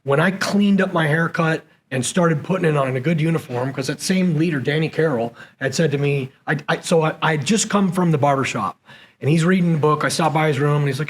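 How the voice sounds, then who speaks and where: A man, a former SEAL leader and podcast guest, telling leadership stories in an animated way and acting out the dialogue. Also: a little high, brisk, slight background noise, low-quality recording. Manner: animated storyteller who acts out quoted dialogue. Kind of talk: conversational interview storytelling. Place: conference venue.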